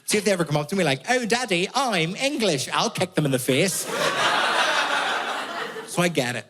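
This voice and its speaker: A man's voice: on the high side, a little fast, heavy background noise. A young man from Northern Ireland with a Belfast accent, telling stories in a stand-up set and swearing freely. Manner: swearing, storytelling. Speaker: stand-up comedian. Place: comedy club stage. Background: audience laughter.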